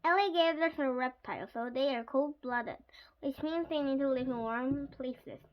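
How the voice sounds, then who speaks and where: A woman's voice: sits high, normal speed, dull audio, close to an everyday voice. Woman voicing a confident little boy, eager, proud, presenting, storybook reading. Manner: eager, show-and-tell presenting.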